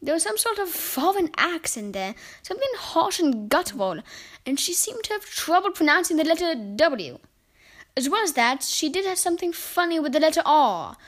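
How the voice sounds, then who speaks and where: A woman reading a children's story aloud in an expressive, dramatic way. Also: high-pitched, normal speed.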